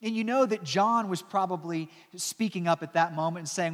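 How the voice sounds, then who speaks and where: A man preaching a sermon, telling the story dramatically, dropping into soft, slow passages and adding joking asides. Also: sits high. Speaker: pastor. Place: church. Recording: long church reverb.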